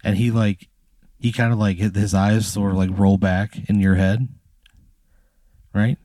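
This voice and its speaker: Low-voiced man spinning a rambling hypothetical. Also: flat delivery, unhurried, warm tone, dry recording, clean studio sound. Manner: rambling, full of fillers and laughs. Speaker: comedy podcast co-host. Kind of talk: improvised hypothetical storytelling.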